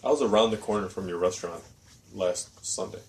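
A man's voice: low-pitched, brisk, recorded from a distance, slight background noise. A man guest on a podcast in casual chat, tossing in joking interjections.

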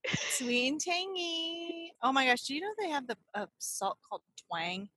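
Woman, podcast co-host, casual chat, teasing, giggly, bright, husky. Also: on the high side, very animated, fairly quick, no room sound.

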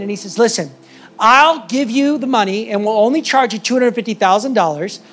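A man preaching a sermon as the church's pastor, telling a story with animated, emphatic delivery. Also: high voice, brisk, soft background music.

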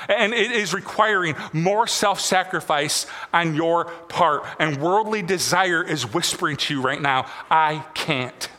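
High, bright-voiced male preacher in a hall. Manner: repetitive, rhythmic preaching with sudden soft drops. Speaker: pastor. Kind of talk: sermon. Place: church sanctuary. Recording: long reverb of a large hall.

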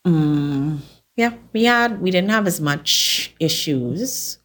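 A woman with a notably low voice chats as a podcast guest. She talks through her stories casually and laughs often. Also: expressive, slow, fairly bright tone. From The Bahamas. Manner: chatty storyteller, laughs often. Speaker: podcast guest, sports volunteer. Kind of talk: casual chat.

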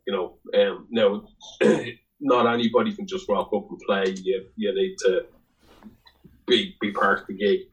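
A man's voice: on the low side, steady tone, a little slow, dull audio. An Irish man, a guest on a podcast, telling a rambling, salty anecdote in casual chat. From Ireland. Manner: rambling, salty storyteller who swears.

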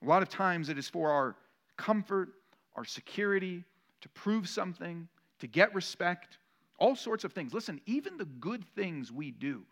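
A man preaching a sermon to his church, telling stories and building to rhetorical questions with rising emphasis. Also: sits high. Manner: storytelling, varies loudness for emphasis. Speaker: pastor.

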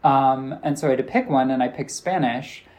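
A man's voice: mid-range voice, moderate pace, darkish tone. A man with an American accent, a professor answering interview questions in a loose, chatty way, full of "like" fillers and acted-out dialogue. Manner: chatty storyteller, acts out quoted dialogue, many "like" fillers. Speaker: interview guest, linguistics professor.

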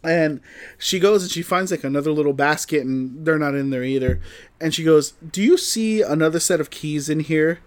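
Animated man telling a funny story. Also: on the high side, moderate pace. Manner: animated, acts out quoted lines, swears, laughs often. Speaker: podcast co-host telling a story. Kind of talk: casual storytelling chat.

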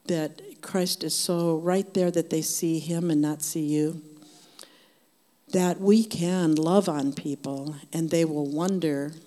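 An older woman gives a personal faith testimony to a church group, telling her story earnestly and conversationally. Her voice is low and mellow, and a long hall reverb surrounds it.

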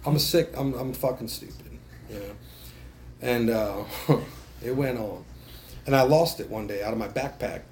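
A man's voice: mid-range voice, normal speed, a little mellow, a little hiss or hum. A man telling his recovery story to a meeting, casual, swearing a lot and laughing at himself between lines. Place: meeting room.

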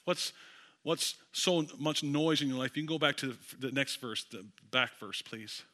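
A man preaching a sermon as pastor in a church, telling a story with lively asides to the congregation. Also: medium pitch, normal speed.

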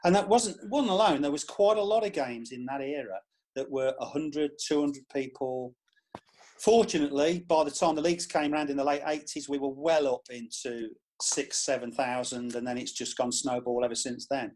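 A man who is a club historian, telling lively anecdotes in a podcast chat. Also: medium pitch, moderate pace.

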